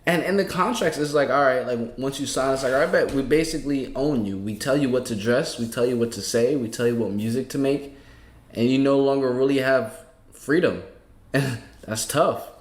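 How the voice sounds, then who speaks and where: A man's voice: mid-range voice, normal speed. Man, mid voice, casual co-host chat, echoey room.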